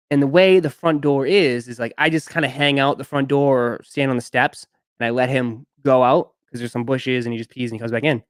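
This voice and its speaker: A man's voice: fairly high pitch, no room sound, studio quality. A young man hosting a live stream, chatting casually and telling a long rambling story with lots of fillers. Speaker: sneaker live stream host.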